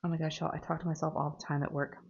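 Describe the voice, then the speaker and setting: A woman's voice: low voice, flat delivery, rapid-fire, breathy edge, muffled recording. A woman chatting casually while she crafts, rambling and laughing at herself. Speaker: diamond painting crafter.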